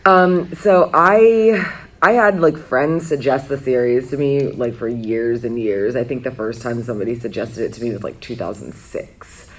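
A woman's voice: very deep voice, fairly even intonation, normal speed. A woman speaking as a podcaster on a convention panel, bubbly and giggly with many fillers, in a convention room.

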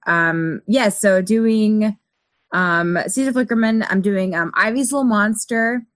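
A woman co-hosting a casual group chat, excitable and talking in quick bursts. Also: medium pitch, no room sound.

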